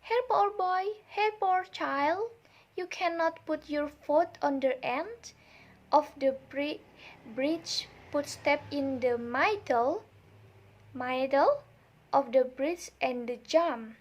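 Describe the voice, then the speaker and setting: A young woman voicing a kindly unseen spirit that gently guides a child across a bridge. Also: high-pitched, slow pace, lo-fi sound. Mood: guiding. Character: kindly voice from above guiding a child.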